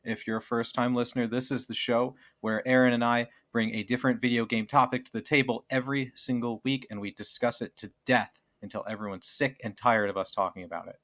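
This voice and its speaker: Man, podcast host, playful, joking, mid pitch. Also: steady tone, brisk, hardly any pauses, fairly bright tone. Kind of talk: casual podcast chat.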